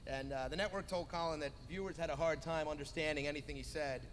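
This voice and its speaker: A man performing a stand-up roast set, firing off biting insult jokes with filler pauses between punchlines. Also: a little high, steady tone. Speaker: roast comedian. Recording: noisy live roast recording.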